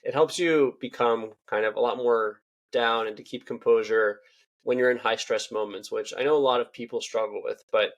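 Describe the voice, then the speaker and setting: A man's voice: mid-range voice, fairly even intonation, normal speed, dull audio. A young man hosting a podcast interview, chatty and rambling with many fillers. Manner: chatty, rambling, lots of "you know". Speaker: podcast host. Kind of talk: casual interview talk.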